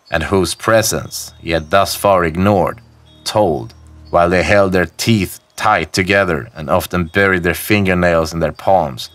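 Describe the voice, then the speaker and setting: A man narrating a classic story in a measured, slow storytelling manner. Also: sits low, no room sound. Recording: faint music bed behind the voice. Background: soft background music.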